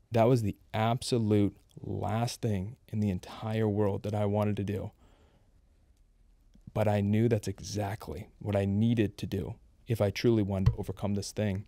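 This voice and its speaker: A man's voice: on the low side, mellow, no room sound. A man in his thirties, a podcast guest, telling his personal story in an earnest, confessional way. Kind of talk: candid personal testimony.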